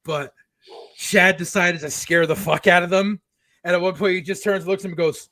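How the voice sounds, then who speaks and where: A man's voice: high-pitched, fairly even intonation, moderate pace, bright, forceful tone, dry recording. A middle-aged man co-hosting a podcast, telling long rambling stories full of profanity, slipping into voices for the people he quotes. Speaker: podcast co-host. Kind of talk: casual storytelling chat.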